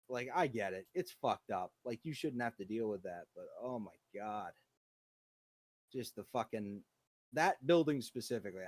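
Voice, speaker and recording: A man from the United States, with a lowish voice recorded without echo, rants and swears his way through stories in casual conversation. He's a profane, ranting storyteller.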